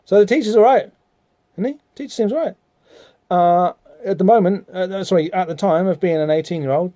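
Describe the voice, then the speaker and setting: A man's voice: high voice, brisk, dark tone, no echo, lo-fi sound. A man hosting a podcast, talking casually about a comic book with lots of fillers and rambling asides. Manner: rambling, chatty, many fillers, reads out dialogue in voices. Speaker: podcast host.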